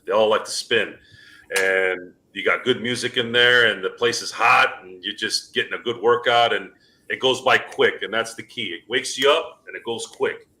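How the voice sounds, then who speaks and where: A man's voice: on the low side, moderate pace, sharp tone. A man in casual sports chat, emphatic and swearing now and then. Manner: emphatic, swears, gives advice.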